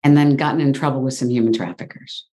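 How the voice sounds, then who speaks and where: A woman with a low voice tells a personal story in an interview. She talks in an animated way, with frequent exclamations. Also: quick pace. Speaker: guest.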